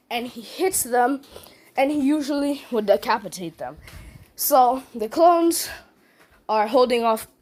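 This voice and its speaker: A woman tells an improvised fan-fiction action story off the cuff, stumbling through restarts and filler words. Her voice sits slightly high for a woman. It sounds unscripted and casual.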